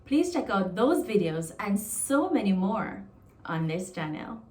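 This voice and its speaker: A woman's voice: mid-range voice, very animated, unhurried, a little mellow, recorded from a distance, a little hiss or hum. Jamaican woman teaching in an echoey room. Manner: explains patiently, laughs often, acts out phrases. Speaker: language teacher. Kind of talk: casual online lesson.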